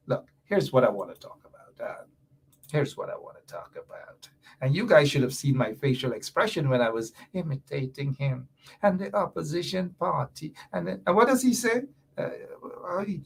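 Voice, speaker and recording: A man's voice: on the high side, vocal fry, breathy edge. A middle-aged man hosting a political talk radio show, emphatic and sarcastic, hammering the same words over and over. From Guyana.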